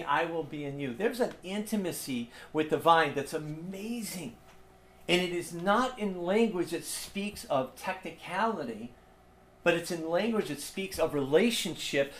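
A man preaching a sermon with passion, rising to loud emphasis and dropping to hushed, repeated lines. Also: on the high side, reverberant, a little hiss or hum. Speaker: pastor.

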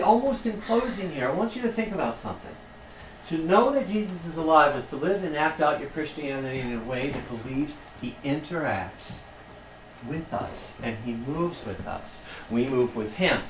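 A man preaching a sermon with passion, swinging between quiet reflection and emphatic, rising peaks. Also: mid-range voice, slight background noise. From United States. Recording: echoey room from far off.

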